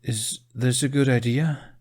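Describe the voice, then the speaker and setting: A man's voice: medium pitch, fairly even intonation, measured pace, darkish tone, pitched above the performer's own voice, natural voice. A man doing Jack, a nervous stuttering young man. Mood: nervous hesitant. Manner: hesitant, stuttering. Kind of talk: fan audiobook character reading.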